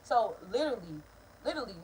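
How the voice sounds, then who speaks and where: A young woman vlogger telling a story, blunt and profane in an animated casual storytime. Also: fairly high pitch, fast talker, a little hiss or hum, rough recording.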